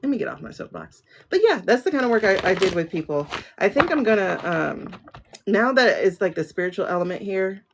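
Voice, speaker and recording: A woman's voice: mid-range voice, big pitch swings, fairly quick, background noise. A woman hosting a spiritual livestream, chatting casually and talking straight to her viewers. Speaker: livestream host, tarot reader.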